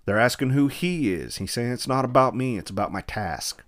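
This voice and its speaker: A man preaching a verse-by-verse sermon, reading scripture in a slow, formal cadence and then explaining it in plain talk with rhetorical questions. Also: mid-range voice, lively intonation, fairly bright tone.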